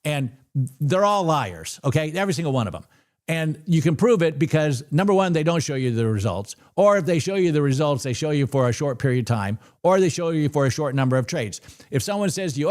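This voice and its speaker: Excitable, blunt man hosting a trading livestream. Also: a little high, a little fast. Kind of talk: live trading stream commentary. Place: trading desk.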